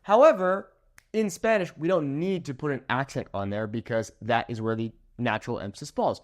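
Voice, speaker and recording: A young native English speaker gives an energetic Spanish pronunciation lesson, staying upbeat, slowing to spell words out and asking "okay?" to check in. His mid-range voice has a sing-song lilt.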